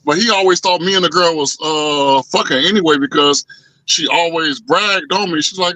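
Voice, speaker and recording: A man telling a story in casual chat, animated and profane, acting out the voices of the people in it. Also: on the high side, moderate pace, dry recording, low-quality recording. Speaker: podcast co-host.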